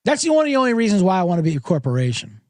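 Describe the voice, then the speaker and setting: A man's voice: sits high, wildly swooping pitch, rapid-fire, dry recording. A middle-aged man hosting a podcast, ranting in a sarcastic comedic monologue and swearing freely. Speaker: podcast host.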